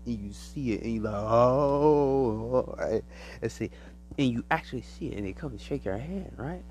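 A man's voice: mid-range voice, expressive, quick pace, darkish tone, slight background noise, low-quality recording. A man hosting his own podcast, telling a loose story in casual slang. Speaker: podcast host. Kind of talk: casual solo monologue.

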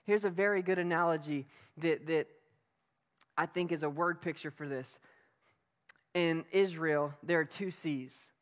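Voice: mid-range voice, a little slow, long pauses. A preacher giving a sermon in an emphatic, conversational way, asking the listeners rhetorical questions. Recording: long reverb of a hall.

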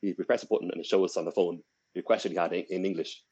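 A young Irishman co-hosts a podcast, rattling off a long, casual story full of restarts and fillers. His voice sits low and steady, mellow and husky, and the audio is dull.

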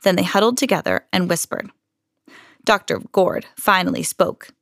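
A woman hosting a podcast, reading a children's picture book aloud in an expressive storytelling manner. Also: fairly low pitch, moderate pace, vocal fry, no room sound, studio quality.

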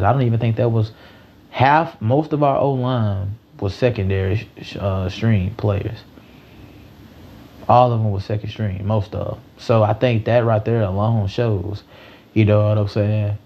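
A man's voice: on the low side, highs cut off. A man hosting a solo sports podcast, talking loosely and rambling, with lots of slang and swearing.

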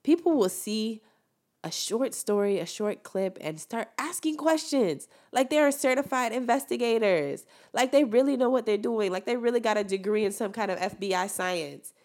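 A young woman hosting a casual opinion monologue, preaching with emphatic, animated delivery and sudden loud peaks. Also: on the high side, normal speed.

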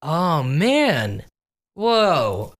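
A young man hosting a podcast in casual chat, hesitant and quick to laugh. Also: on the high side, wildly swooping pitch, fairly bright tone. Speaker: podcast host.

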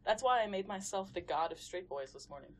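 A woman's voice: medium pitch, animated, a little fast. A young woman co-hosting a podcast in casual chat, blunt and crude, telling stories and acting out what others said. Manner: blunt, crude storyteller who acts out quotes. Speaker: podcast co-host.

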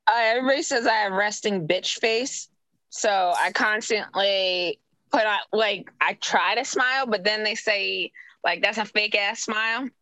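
Bright-voiced woman from Boston. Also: medium pitch, measured pace, no room sound, poor audio. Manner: laid-back, firm, jokey. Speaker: podcast guest. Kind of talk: casual podcast chat.

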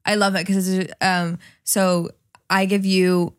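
A woman's voice: mid-range voice, flat delivery, slow pace, clean tone, no echo, clean studio sound. Playful young woman co-hosting. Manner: playful, teasing. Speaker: podcast co-host. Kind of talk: casual chat.

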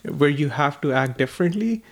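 A man with a creaky, gravelly voice shares his thoughts in a casual chat. He speaks earnestly and sincerely. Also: on the high side, expressive, fairly quick. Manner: earnest, agreeing often. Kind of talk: casual conversation.

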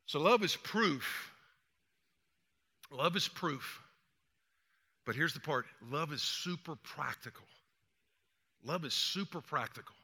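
Older male pastor, bright high voice, lively conversational sermon with long room reverb. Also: gravelly. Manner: energetic, conversational, acts out quotes. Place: church sanctuary.

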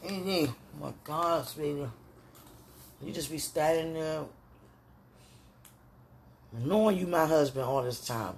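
A woman's voice: low-pitched, unhurried, long pauses, a little hiss or hum. Woman musing intimately, rambling and prayerful. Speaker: podcaster. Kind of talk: casual spoken monologue.

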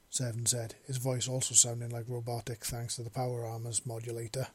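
Husky-voiced man reading a story. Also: medium pitch, a little fast, hardly any pauses, dry recording. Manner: plain steady reading with small slips. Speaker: narrator. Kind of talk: reading fan fiction aloud.

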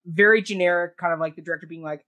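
A man's voice: high-pitched, steady tone, racing, pushed and bright. A man reviews a stage production with his co-hosts in a loose, chatty way. He is opinionated and full of fillers and self-corrections. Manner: opinionated, lots of "like" and restarts. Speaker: theatre reviewer. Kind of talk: casual podcast review chat.

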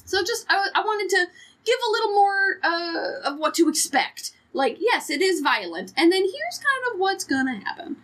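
Bright, high, lively podcast woman. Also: moderate pace. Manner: frank, profane, joking. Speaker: podcast co-host. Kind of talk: casual chat.

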